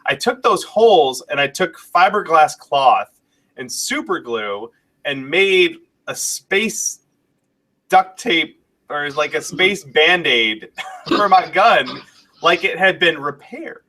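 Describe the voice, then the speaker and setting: A man's voice: on the high side, expressive, slow, bright, forceful tone. A man co-hosting a live stream, reading questions and telling a chatty story with chuckles.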